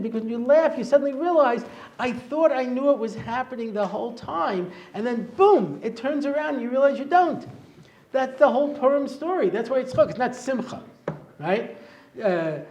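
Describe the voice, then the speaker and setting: A middle-aged man, a rabbi giving a humorous lecture, telling jokes and chuckling at them before a live audience. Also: sits high. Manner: joking storyteller, chuckles at his own jokes.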